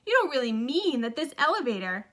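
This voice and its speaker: A woman voicing an excitable old grandfather who shouts in alarm and delight in a storybook reading. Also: extremely high pitch, moderate pace, voice pushed up. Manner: shouting, panicky.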